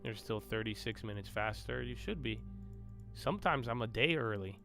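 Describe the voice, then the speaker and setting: Bright-voiced boastful man streaming live. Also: medium pitch, animated, moderate pace, vocal fry, faint music behind. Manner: boastful, banters with chat, swears. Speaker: livestream host. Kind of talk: casual livestream chat.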